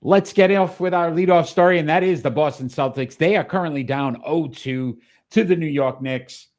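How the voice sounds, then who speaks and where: A man's voice: on the high side, normal speed. A man hosting a live sports talk show, with an upbeat, announcer-like delivery.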